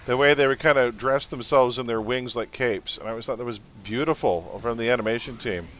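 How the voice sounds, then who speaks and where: Venting with laughter, a man streaming a superhero game chats bluntly and casually with viewers and teammates while he plays. His medium-pitched voice is fairly bright and a little quick. There is a slight hiss or hum on the audio.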